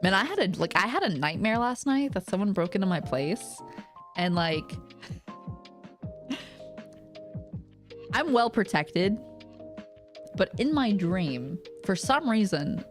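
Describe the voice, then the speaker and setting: A woman's voice: medium pitch, big pitch swings, takes it slowly, long pauses, faint music behind. A woman streamer telling stories in casual chat, rambling with lots of fillers and frequent laughter.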